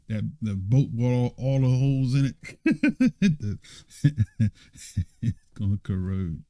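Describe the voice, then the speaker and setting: A man's voice: medium pitch, slow pace, long pauses, dark tone, no room sound. A man teaching a Bible study. He reads passages aloud and breaks off for teasing, mock-surprised asides with laughter.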